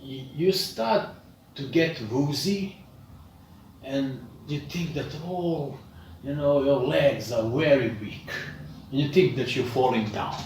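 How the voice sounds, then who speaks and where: A man narrating a tabletop game as dungeon master, unhurried and searching for words, recorded far off in an echoey room. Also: mid-range voice, a little mellow, a little hiss or hum. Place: local gaming shop.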